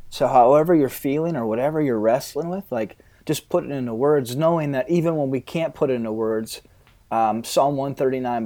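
A man, a pastor, answering interview questions in an earnest, halting way, often quoting his own prayers. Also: mid-range voice, warm tone.

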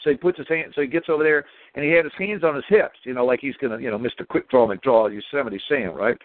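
A man calls in to a talk show and spins a lively story, pitched at an ordinary male level. He keeps acting out the back-and-forth himself. The sound is a dry, tinny phone line. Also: fast, no room sound. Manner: animated, retells his own dialogue. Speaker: caller. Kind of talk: call-in storytelling.

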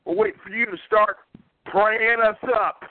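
High-voiced man goading on the phone. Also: fairly even intonation, no room sound. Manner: goading, drawn-out taunts. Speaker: prank caller. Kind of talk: prank call banter. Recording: tinny phone line, dry.

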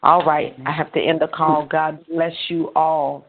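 A woman leads a prophetic prayer over a phone line, her lowish voice tinny and thin. She prays fervently, with repeated praise, then chats loosely with the callers. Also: level tone, measured pace, slight background noise. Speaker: prayer call host.

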